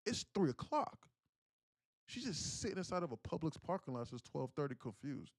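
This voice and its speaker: A man's voice: fairly high pitch, big pitch swings, normal speed, dry recording, studio quality. Profane, emphatic man ranting on a livestream. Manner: profane, emphatic, repetitive restarts. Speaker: day trading livestreamer. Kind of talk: livestream storytelling rant.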